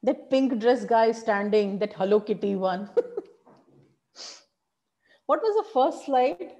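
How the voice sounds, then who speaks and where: A woman leads an online workshop on public speaking, posing questions to her audience in an animated, encouraging way. She speaks slowly in a higher voice, and the recording is muffled.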